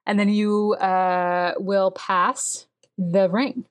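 A woman game master narrates a tabletop role-playing game. She describes scenes at length and fills her pauses with many ums. Her voice sits at a middling pitch. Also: flat delivery.

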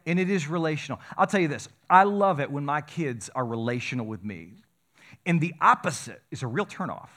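Animated preacher with a raised voice. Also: male voice, on the high side, fairly quick. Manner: conversational, animated, builds to excited emphasis. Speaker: pastor. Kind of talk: sermon.

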